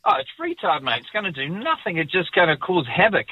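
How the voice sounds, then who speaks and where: A man's voice: high voice, huge pitch swings, a little fast, breathy edge, no room sound. A man with a New Zealand accent calling in to a radio show, blunt and forever saying mate. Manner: blunt, says mate constantly. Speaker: caller. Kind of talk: phone-in chat. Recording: tinny phone line.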